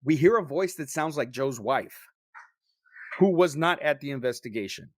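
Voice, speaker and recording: A man co-hosting a podcast, telling a story in casual chat with lots of swearing and animated delivery. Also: fairly high pitch, moderate pace, no room sound, studio quality. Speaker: podcast co-host.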